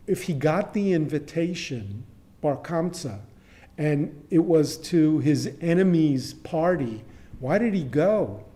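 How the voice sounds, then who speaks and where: A man retells an old story at a temple service in a slow, unhurried way. His voice is mellow and sits a little high, and he breaks up his telling with frequent fillers and wry asides. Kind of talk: storytelling sermon.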